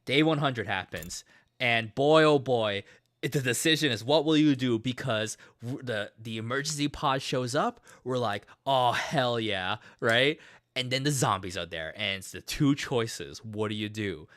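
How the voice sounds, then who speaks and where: A man casually recapping a video game's story, animated and swearing, rambling with lots of fillers. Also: medium pitch, moderate pace, no echo, studio quality. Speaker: gaming video creator.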